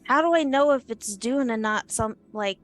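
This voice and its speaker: A woman's voice: fairly high pitch, moderate pace, faint music behind. A woman playing a tabletop game, talking casually and hesitantly with many restarts. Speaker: player. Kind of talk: casual chat, playing a character.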